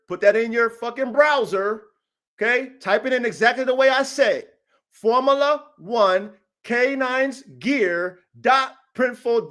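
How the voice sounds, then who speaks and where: A man's voice: very high voice, a bit bright. A man hosting his own dog-training channel, talking in a brash, taunting, profane livestream rant, tacking "man" onto nearly every line.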